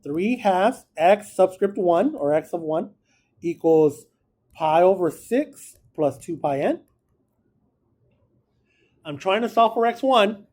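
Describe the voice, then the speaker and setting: A man's voice: high-pitched, animated, slow, pauses often, darkish tone. A man teaching a math class, casual and encouraging, talking through each step aloud. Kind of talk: classroom lecture.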